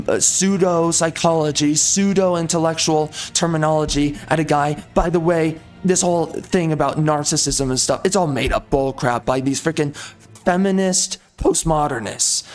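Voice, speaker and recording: A man giving a heated, insulting video game rant with an angry, repetitive delivery. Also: on the high side. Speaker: game reviewer.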